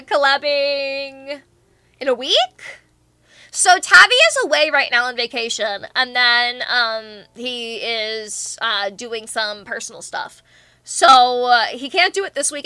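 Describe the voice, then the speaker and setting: A woman's voice: sits high, bright, forceful tone, dry recording. A young woman streamer chatting casually and reading out viewer comments, bubbly and playfully teasing.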